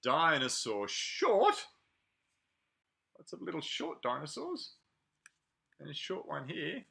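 A man leading a preschool playgroup, reading a picture book aloud to toddlers in an animated, sing-song way with drawn-out words. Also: fairly high pitch, vocal fry, husky.

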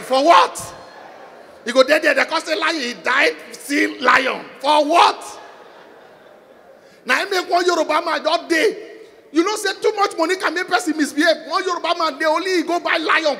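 A man with a Nigerian accent doing stand-up comedy on a concert stage, telling stories loudly in Pidgin and English. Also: very high voice, moderate pace, creaky, slight background noise. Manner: loud, animated storytelling in Nigerian Pidgin and English.

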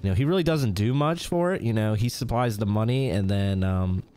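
Male streamer with a lowish voice, easygoing live-chat host who keeps chuckling. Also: a little fast, warm tone, smooth. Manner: reads viewer names aloud, chuckles often. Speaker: livestream host.

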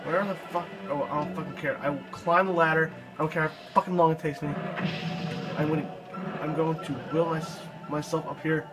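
A young man narrates his gameplay in an irritated, profanity-laced rant. His voice sits a little high for a man. Game music plays clearly underneath his commentary. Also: fairly even intonation, fairly quick, low-quality recording. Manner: frustrated, swearing often. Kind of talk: let's play commentary.

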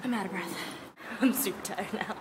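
A woman's voice: mid-range voice, normal speed. A woman vlogging casually as she walks a downtown street, bubbly and playful, exclaiming often, recorded on a handheld camera. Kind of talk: casual vlog chat. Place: outdoors on a busy downtown street. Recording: noisy street with traffic.

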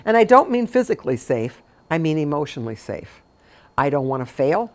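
A woman's voice: deep voice, big pitch swings, fairly quick. A middle-aged woman, a memory care consultant, talking informally to caregivers as a chatty storyteller with emphatic repetitions.

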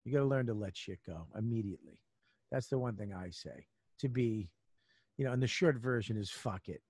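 A man's voice: on the low side, animated, brisk, a little mellow, husky, no echo. A man, a comedian guest on a podcast, giving blunt and profane advice in casual chat.

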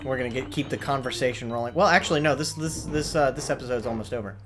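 A man's voice: medium pitch, quick pace, background noise. A man co-hosting a gaming video, self-mocking and chatty while he plays. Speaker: let's play co-host. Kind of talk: casual gaming banter.

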